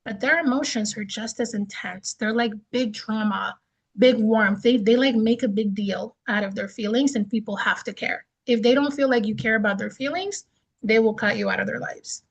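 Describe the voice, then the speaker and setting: A woman teaching a beginner astrology class in a chatty, expressive way, often checking in with "right?". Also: on the high side, moderate pace, vocal fry, lo-fi sound. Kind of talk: casual class lecture.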